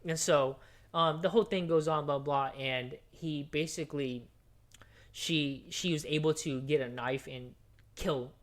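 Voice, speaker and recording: A man co-hosting a podcast, retelling a movie plot in casual chat with lots of fillers and swearing, dropping to a hushed recap and then bursting out loudly. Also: a little high, measured pace. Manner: excitable, profane storyteller with many fillers; jumps between hushed recap and loud outbursts. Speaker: podcast co-host.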